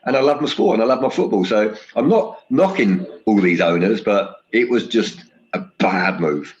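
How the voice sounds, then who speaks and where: A man's voice: lowish voice, animated, normal speed, a little mellow, muffled recording. A middle-aged man from England, a guest pundit who reminisces enthusiastically about sport.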